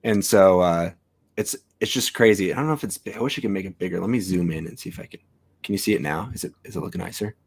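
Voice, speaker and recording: A man with a lowish voice chatting casually about photos and cameras over a video call. He rambles in a relaxed way, full of "um" and restarts, like a friendly shop regular talking shop. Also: fast talker, breathy edge.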